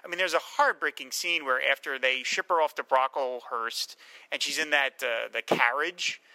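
A man in a casual film discussion, animated and acting out scenes with quoted voices. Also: mid-range voice, normal speed, dry recording, poor audio.

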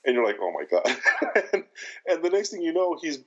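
Male podcast co-host, expressive and swooping, laughs a lot while retelling scenes, slightly muffled recording. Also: on the high side, quick pace. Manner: laughs often, retells scenes with lively impressions. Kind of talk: casual film chat.

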